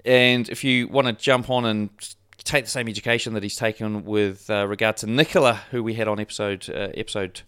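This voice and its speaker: A man's voice: lowish voice, steady tone, brisk, hardly any pauses, fairly bright tone, clean tone, no echo, studio quality. A man from New Zealand with a mild New Zealand accent, hosting a podcast interview in a loose, rambling way with many fillers and restarts. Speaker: podcast host.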